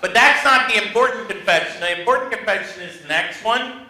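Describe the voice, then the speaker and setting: A man with a high, very bright, forceful voice leads a negotiation workshop for a live class. He teaches in a humorous, self-mocking storytelling manner. The sound rings around an echoey training room. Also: fairly quick.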